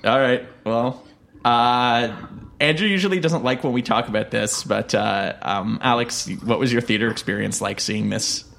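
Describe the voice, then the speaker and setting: A man's voice: medium pitch, normal speed, vocal fry, fairly bright tone, slight background noise. A man co-hosting a podcast in casual chat, swearing freely and laughing through his stories. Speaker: podcast co-host.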